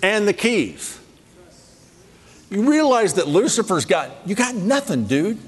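A man preaching a sermon in a lively, playful way, rattling off scripture references. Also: high voice, unhurried, breathy edge. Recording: long hall reverb.

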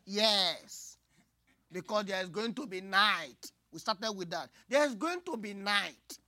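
A woman preaching a sermon, moving from hushed asides to loud, cried-out lines. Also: mid-range voice, slow pace, dry recording. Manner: expressive, swings from hushed asides to loud cries.

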